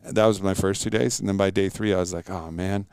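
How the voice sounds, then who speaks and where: Deep creaky-voiced man, reflective guest. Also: fairly even intonation, brisk, darkish tone, dry recording, clean studio sound. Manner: reflective, earnest storytelling. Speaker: podcast guest. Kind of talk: casual interview chat.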